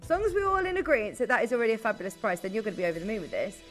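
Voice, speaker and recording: A young British woman presenting a live TV shopping show, gushing and chatty with quick asides. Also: fairly high pitch, animated, faint music behind.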